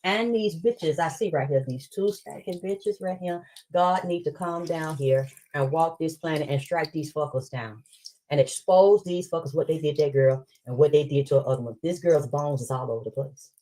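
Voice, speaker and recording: A woman's voice: low-pitched, moderate pace, warm tone, poor audio. A woman telling a story in an angry, profane live stream rant.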